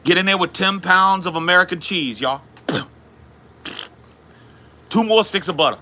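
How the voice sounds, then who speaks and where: A man putting on a Cajun accent to play a loud, folksy cook who hollers cooking steps. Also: high-pitched, a little hiss or hum, voice pushed up. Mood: hyped. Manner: hollering cooking instructions, drawn-out y'all.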